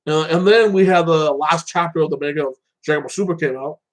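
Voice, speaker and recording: A man's voice: fairly high pitch, fast talker, rough recording. A man casually recapping and reviewing a show episode, rambling with lots of fillers and acting out the characters' lines.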